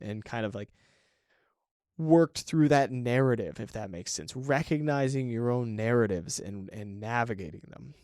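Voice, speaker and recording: A man's voice: medium pitch, darkish tone, dry recording, studio quality. A man hosting a solo podcast, talking through ideas in a reflective, conversational way and often checking in with the listener. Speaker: podcast host. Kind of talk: casual solo talk on creative work.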